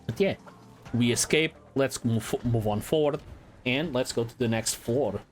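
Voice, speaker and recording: A man's voice: mid-range voice, unhurried. Guy chatting over a game, laid back and jokey, swears a bit, faint music behind. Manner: relaxed, playful, swears casually. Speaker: gaming channel host. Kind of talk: casual let's-play commentary.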